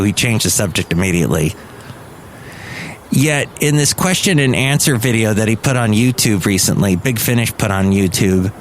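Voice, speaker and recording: A man's voice: on the low side, slight background noise. An American man hosting a casual solo podcast, rambling enthusiastically and correcting himself as he goes. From United States. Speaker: podcast host and talk radio worker.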